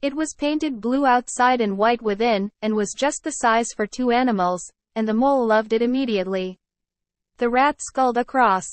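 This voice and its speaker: A woman's voice: on the high side, moderate pace, no room sound. Woman teacher reading a story aloud. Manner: clear, explaining, addresses children. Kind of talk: read-aloud lesson with word explanations.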